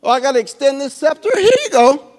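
A man's voice: extremely high pitch, lively intonation, quick pace, in a large hall, pitched above the performer's own voice. A man voicing a delighted, smitten king who whoops and talks eagerly.

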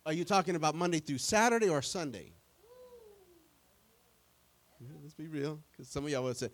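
A middle-aged man preaching a sermon in an everyday, plain-spoken way, his voice pitched a little high for a man. He stumbles over restarts now and then. Every so often he breaks into lively acted-out quotes. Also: moderate pace, pauses often. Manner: acts out quoted voices in animated bursts. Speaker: pastor.

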